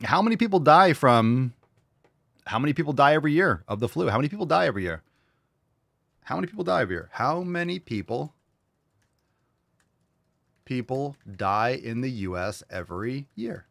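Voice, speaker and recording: A man's voice: mid-range voice, animated, moderate pace, vocal fry, long pauses, fairly bright tone, no room sound, clean studio sound. A man hosting a casual reaction show, talking bluntly and sarcastically with plenty of swearing. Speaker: show host.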